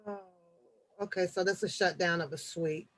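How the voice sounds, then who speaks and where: A woman hosting a casual live-stream chat, reading news articles aloud and joking back at her viewers, shifting from low mutters to loud laughing outbursts. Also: fairly even intonation, normal speed. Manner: chatty, reads articles aloud, jokes with the chat.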